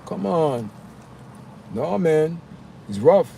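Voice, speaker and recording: A man chatting casually with his livestream viewers, animated and talking straight to the chat, outdoors on a windy street. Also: fairly high pitch, drawn-out words, vocal fry. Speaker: livestream host. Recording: faint outdoor street noise.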